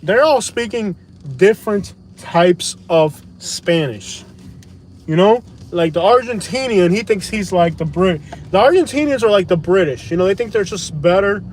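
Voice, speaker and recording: A man's voice: high-pitched, expressive, moderate pace, slight background noise. A man chatting casually while on a night drive, rambling and joking with lots of fillers. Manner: rambling, many "you know" fillers, joking. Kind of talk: casual chat. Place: inside a car at night.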